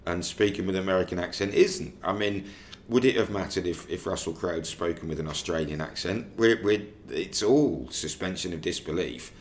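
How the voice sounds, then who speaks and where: A man's voice: sits low, fairly quick, slight background noise. A man co-hosting a casual film podcast, musing and wandering off on tangents. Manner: musing, digressive, animated when riffing. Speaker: podcast co-host.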